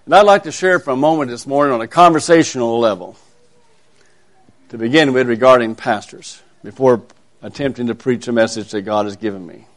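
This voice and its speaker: Male minister, earnest, measured, conversational sermon to a church. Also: mid-range voice. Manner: earnest, measured, with emphatic rises. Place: church service.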